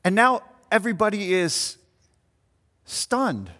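This pastor's voice sits high and has a sharp tone, moving slowly in a sing-song rhythm. He's giving a sermon in a church meeting room, inviting the gathered congregation to picture the scene, with a long hall reverb on the recording.

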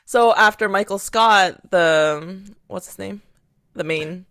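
A young woman co-hosts a casual chat podcast. She tells stories with animated energy, laughs often and slips into quick impressions. The mic is close and dry with no room sound. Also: medium pitch, dry recording. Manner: animated storytelling, laughs often, mimics people. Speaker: podcast co-host.

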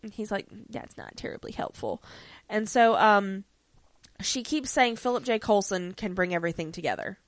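A woman's voice: mid-range voice, no room sound. A woman co-hosting a podcast, recapping a TV episode in casual chat with plenty of ums and likes. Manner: chatty, many ums and likes, acts out lines in quotes.

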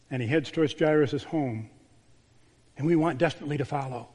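A man, a pastor, delivering a sermon with a storytelling manner, dropping to a hushed voice on key words. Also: on the high side, fast talker. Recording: long church reverb.

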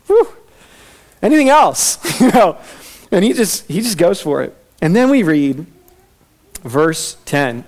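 A man's voice: high-pitched, sing-song, slow, pauses often. A man preaching a sermon, reading scripture aloud and acting out the characters' voices with laughter. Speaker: pastor.

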